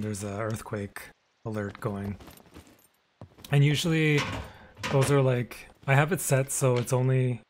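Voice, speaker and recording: Streaming a video game live, a man chats casually with his viewers in a relaxed, rambling way, often trailing off into quiet mumbling. His voice is medium-pitched, and there's slight background noise.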